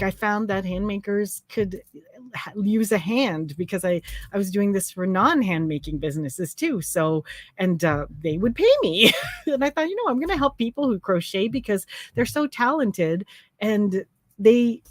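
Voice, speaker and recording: An effusive woman hosting a live stream, chatting casually and tripping over herself with fillers. Her voice sits at an ordinary middle pitch. The sound is dry and close, with little room around it. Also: lively intonation, a little slow, no room sound. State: tearful, emotional. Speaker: host.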